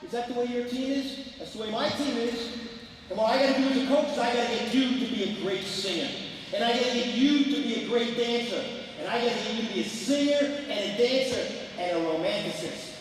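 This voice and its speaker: An older man coaches a clinic crowd with a strikingly high voice, animated and emphatic, rising into shouts. His voice rings through a large, echoing gym hall. A faint ambience hums behind him. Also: fairly quick, slight background noise. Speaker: basketball coach. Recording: echoey hall, distant mic, faint ambience.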